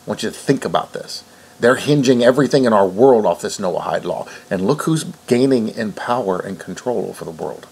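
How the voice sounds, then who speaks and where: A man's voice: on the low side, animated, normal speed, darkish tone, slightly rough. A man reading news stories aloud and breaking off to rebut them in an indignant, preachy way. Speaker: online commentator.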